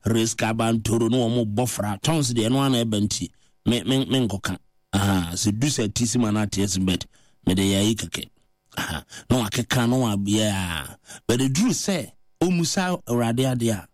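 A man with a Ghanaian accent preaching in a conversational way, mixing languages and rising to high, emphatic pitch. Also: moderate pace, no echo, clean studio sound.

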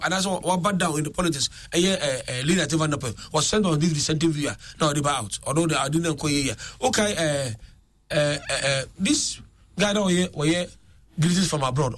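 A man hosting political talk radio, switching between English and Twi with excitable commentary. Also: a little high, fairly quick.

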